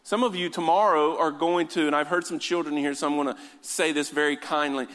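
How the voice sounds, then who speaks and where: A man's voice: fairly high pitch, steady tone, fairly quick, few pauses, fairly bright tone. A man preaching a sermon in a church, making joking asides and then building to fervent exhortation. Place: church hall. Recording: long hall reverb.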